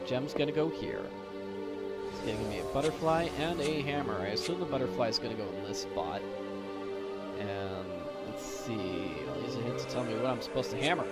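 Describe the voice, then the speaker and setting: A man giving live, joking commentary as he plays a puzzle game, thinking aloud and getting excited. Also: mid-range voice, normal speed. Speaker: gameplay commentator. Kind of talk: live let's-play commentary. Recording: commentary over game music.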